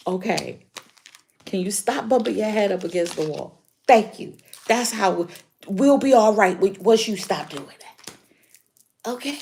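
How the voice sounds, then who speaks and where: A woman's voice: medium pitch, creaky, darkish tone, a little hiss or hum. A woman voicing a group of weary, impatient spirit guides, asking teasing, mock-exasperated questions.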